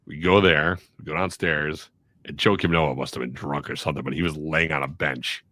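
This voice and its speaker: A man, a radio and voiceover professional, telling animated anecdotes in casual chat, acting out the people in his stories. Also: rumbling low, brisk, dry recording. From Chicago area. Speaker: guest voiceover artist and radio personality.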